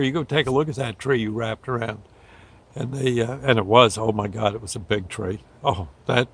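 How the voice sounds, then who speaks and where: A man's voice: mid-range voice, creaky, a bit bright, breathy edge. An older man, a show host, telling a rambling folksy story, often laughing and briefly acting out the people he quotes. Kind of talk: casual storytelling.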